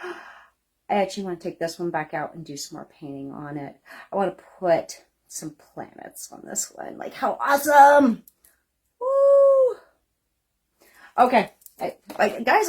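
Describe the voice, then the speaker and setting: Woman maker, effusive jewelry showcase, calls viewers "honey", jumps into high squeals, small home shop. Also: very animated, moderate pace, slightly rough. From United States. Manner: gushing, exclamatory, lots of "honey" and "like"; sudden high squeals and gasps. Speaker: jewelry maker showing her work. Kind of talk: excited product showcase.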